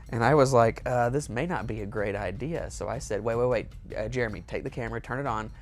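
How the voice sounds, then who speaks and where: A man's voice: medium pitch, brisk, slight background noise. A man telling a rambling, amused story in a casual storytime monologue. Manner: rambling, amused, with self-corrections. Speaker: storyteller, show host.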